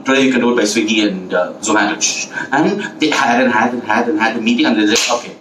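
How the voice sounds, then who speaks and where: Male storyteller, animated and repetitive, echoey room with faint hiss. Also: a little high, distant mic. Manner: playful, animated, heavy repetition, asks listeners questions. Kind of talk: oral storytelling for children.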